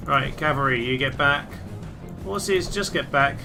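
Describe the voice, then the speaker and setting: A man giving excitable, theatrical commentary on a strategy game he is playing, often laughing and cheering. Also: a little high, unhurried, over music. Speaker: let's play host. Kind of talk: gameplay commentary.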